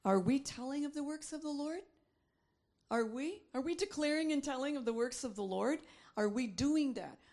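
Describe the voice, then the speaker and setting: Emphatic preaching woman, high voice. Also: expressive, moderate pace, darkish tone. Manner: emphatic, repeats phrases, reads scripture aloud. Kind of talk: sermon.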